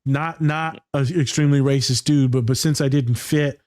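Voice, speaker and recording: A man who hosts a podcast and works as a therapist, ranting in animated, profane casual chat. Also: mid-range voice, normal speed, dry recording, clean studio sound.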